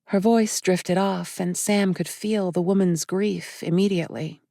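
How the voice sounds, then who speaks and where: Female audiobook narrator, steady and measured; low, mellow tone with a gravelly edge. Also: no echo, clean studio sound. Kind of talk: scripted narration.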